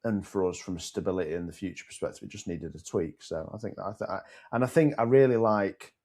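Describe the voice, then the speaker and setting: A man's voice: deep voice, fast talker, darkish tone. A man hosting a casual business podcast, easygoing and reflective, often hesitating mid-thought. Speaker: podcast host.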